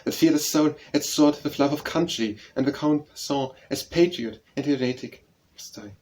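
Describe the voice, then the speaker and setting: A man reading a narrative poem aloud as an audiobook narrator, in a measured, solemn recitation. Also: fairly high pitch, darkish tone, poor audio.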